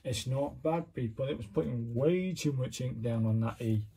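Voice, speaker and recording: Husky-voiced guy, slow and mellow, chatting thru a demo and picking at his own mistakes. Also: mid-range voice. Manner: self-critical, chatty, narrates while working. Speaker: calligraphy hobbyist demonstrating. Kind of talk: casual step-by-step demonstration.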